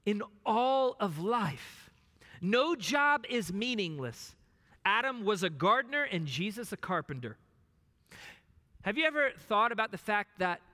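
A pastor preaching a sermon emphatically, dropping at times to a hushed voice. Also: male voice, high-pitched. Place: church sanctuary. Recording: long reverb of a large hall.

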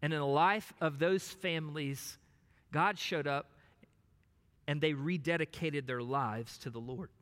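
A pastor preaching a sermon emphatically, dropping at times to a hushed voice. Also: male voice, on the high side, normal speed, few pauses. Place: church sanctuary. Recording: long reverb of a large hall.

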